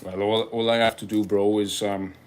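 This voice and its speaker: A man's voice: fairly low pitch, little pitch movement, normal speed, a little hiss or hum. A young Welsh man hosting a casual live stream, chatting and joking with viewers, laughing often and rambling through asides. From Wales. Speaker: livestream host. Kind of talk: casual live-stream chat reading comments.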